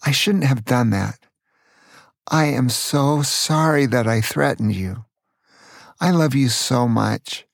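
An older man voicing a mother of a small boy, strict but loving, in a gravelly voice. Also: a little high, animated, a little slow, no echo, studio quality. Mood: tender. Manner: stern then apologetic.

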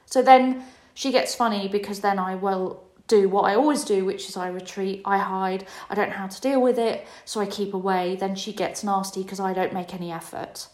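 A woman in her forties who hosts a podcast tells a personal story in a candid, emotional, confessional way. Her mid-range voice is steady and a little mellow, moving at a moderate pace, and the recording has a roomy echo.

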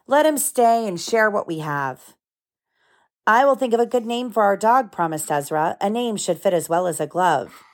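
A mother reads a picture book aloud at home in a mid-pitched voice. She stops now and then to explain the story to her children in plain, simple words.

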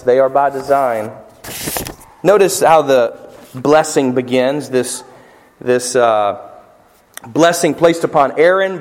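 A pastor with a Southern American accent, from the Southern United States, preaches a sermon in an animated, emphatic style full of rhetorical questions and repetition. His voice is medium-pitched, and the recording carries long hall reverb.

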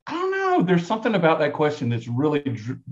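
A middle-aged man from South Carolina with a Lowcountry brogue, telling stories as a podcast guest in a chatty, rambling way that keeps correcting itself. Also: huge pitch swings, fast, lo-fi sound. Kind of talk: casual storytelling.

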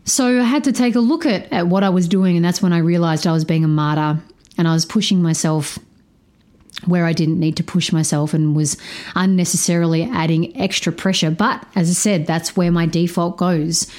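A woman with a slightly low voice hosts a podcast and tells a personal story with open candour. She swears freely, and her pace keeps shifting between quick and drawn out. She sounds a bit drained of energy. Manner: animated, changes pace often. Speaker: podcast host.

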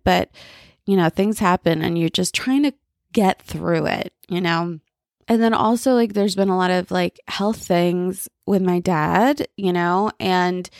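A woman's voice: mid-range voice, a little mellow, dry recording, studio quality. Candid, reflective woman podcaster. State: worn out and frayed. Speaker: podcast host. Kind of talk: casual personal monologue.

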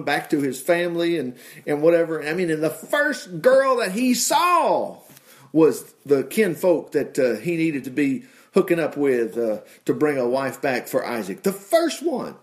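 Reading from the Bible in a folksy sermon, a middle-aged preacher adds down-home comments and bursts of praise. He speaks in a slightly high voice with a darkish tone.

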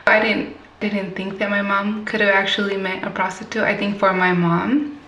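A woman's voice: mid-range voice, level tone, normal speed, a bit bright, echoey room, far from the mic, lo-fi sound. A woman guest telling a personal story in conversation, candid and reflective, laughing at painful memories. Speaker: interview guest.

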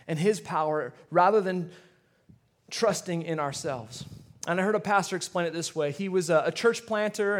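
A middle-aged male pastor preaching a sermon, telling stories with repeated words and rising emphasis. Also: high-pitched.

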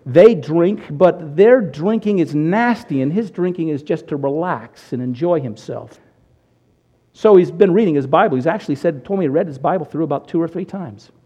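A man preaching a sermon on radio, telling a story with lively acted-out quotes. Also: a little high, normal speed, breathy edge, highs cut off. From United States. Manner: animated storyteller, acts out quotes. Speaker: pastor. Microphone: radio broadcast recording.

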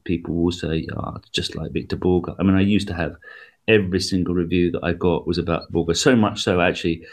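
A man being interviewed as a guest comedian and musician, talking in a rambling, animated way with many restarts. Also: low-pitched. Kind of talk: radio interview conversation.

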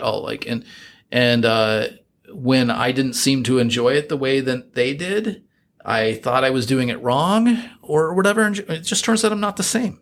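A man's voice: medium pitch, moderate pace, a bit bright. A middle-aged man with an American accent, chatting reflectively as an interview guest, full of fillers and restarts. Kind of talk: casual interview chat.

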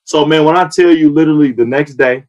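Animated man telling his story. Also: fast, muffled recording. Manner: animated storytelling, acts out quotes with rising pitch. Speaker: youth football coach and sports training founder. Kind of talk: casual testimony in a podcast chat.

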